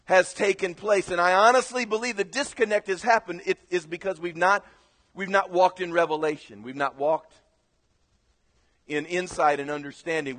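A man preaching a sermon as pastor, telling a story earnestly and building to loud exhortation. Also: fairly high pitch, long reverb tail.

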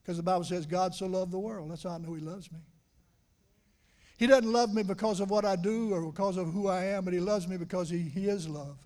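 A middle-aged man preaching a sermon to a congregation in church. He keeps asking them questions and swings from quiet, confiding talk to loud emphasis. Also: sits high, fairly even intonation, fairly quick. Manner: conversational, asks the congregation questions. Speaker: pastor. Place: church sanctuary.

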